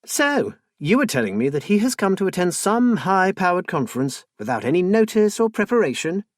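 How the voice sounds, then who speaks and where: A suspicious, volatile wife, as a male narrator puts her on, her voice lifted high, sharp and accusing. The husky tone swings widely in pitch. The recording is dry and close. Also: very animated, normal speed, no room sound, distant mic, heavily acted. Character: suspicious, volatile wife, middle-aged woman.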